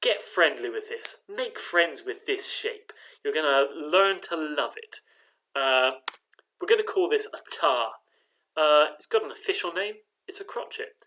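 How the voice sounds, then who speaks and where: A man's voice: a little high, expressive, bright, forceful tone. A man leading a choir rehearsal, patiently teaching rhythm and chanting the beats for singers to repeat. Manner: patient, clapping out rhythms with drawn-out syllables. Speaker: choir director.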